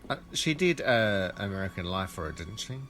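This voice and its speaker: A man co-hosting a podcast, chatting casually and giving quick, relaxed replies. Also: deep voice, background noise. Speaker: podcast co-host. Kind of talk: casual chat.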